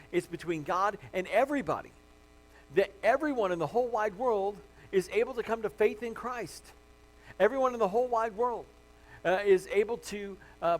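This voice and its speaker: Man, pastor, sermon, higher-pitched voice, earnest, emphatic swells, reads scripture. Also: slight background noise, rough recording. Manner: earnest, rising to loud emphatic passages; frequent fillers and restarts, reading scripture aloud.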